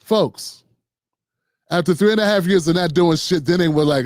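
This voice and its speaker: A man's voice: sits high, moderate pace, a little mellow, no room sound, clean studio sound. A man hosting a live political commentary show, blunt and mocking, talking straight to his viewers. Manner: mocking, blunt, mimics people in put-on voices.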